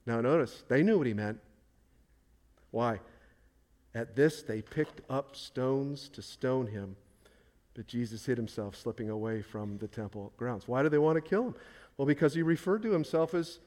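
A man preaching a sermon as pastor, emphatic, swinging between soft, quiet asides and loud, forceful declarations. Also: mid-range voice, moderate pace.

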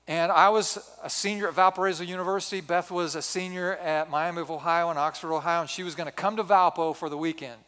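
A man in his sixties, a pastor telling a personal story in a sermon with animated, self-mocking humor. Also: on the high side, fast, few pauses. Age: 60s. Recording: reverberant hall.

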